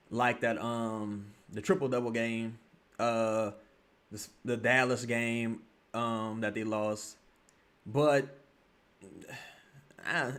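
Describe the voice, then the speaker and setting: Male streamer, casual and profane, lively pitch swings from mumbles to shouts. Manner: profane, animated, swings from mutters to yelling. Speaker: streamer reacting to a live game. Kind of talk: casual live game reaction.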